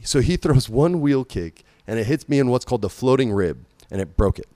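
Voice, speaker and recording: A man telling a long story in casual talk, animated and swearing freely, jumping loud and high whenever he quotes someone. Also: brisk, no room sound. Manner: animated, swings loud and high when quoting people. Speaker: podcast guest.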